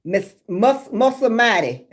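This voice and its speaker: A woman spins a story for her livestream viewers, laughing often. Her pitch sits a little high and swings widely as she talks. She chats in a loose, drawling way. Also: expressive, takes it slowly. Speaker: livestream host. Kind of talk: casual chat with live viewers.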